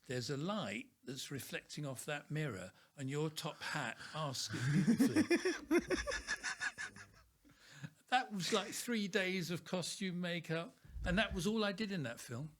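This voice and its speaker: A soft-spoken man tells a story on a podcast as a guest. His voice sits a little high and moves lively up and down as he acts out the people in his anecdote. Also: unhurried. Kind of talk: casual storytelling.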